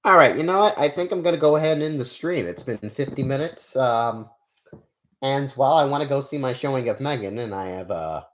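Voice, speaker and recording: A man's voice: medium pitch, lively intonation, fairly quick. A young man streaming casually, rambling and chatting with his viewers. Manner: rambling, many fillers and restarts, chatty with viewers. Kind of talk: casual live stream chat.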